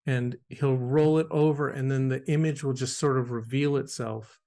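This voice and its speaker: A man's voice: medium pitch, fairly even intonation, moderate pace, dark tone. A man hosting a casual talk show, describing toys in detail with fillers and restarts. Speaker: podcast host. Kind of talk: casual chat.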